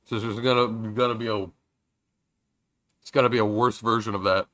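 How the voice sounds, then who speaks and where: Bright-voiced young man streaming a game. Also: fairly low pitch, steady tone, normal speed, no echo. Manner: chatty, jokey, reads game lines with loud outbursts. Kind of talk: casual let's-play commentary reading dialogue aloud.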